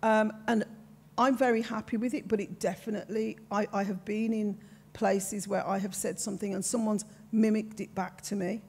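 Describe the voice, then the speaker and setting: A woman's voice: mid-range voice, steady tone, moderate pace, creaky, a little mellow, breathy edge. An older woman with a Birmingham accent, speaking frankly and emphatically as a panelist in a discussion. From Birmingham, England. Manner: frank, emphatic, self-assured.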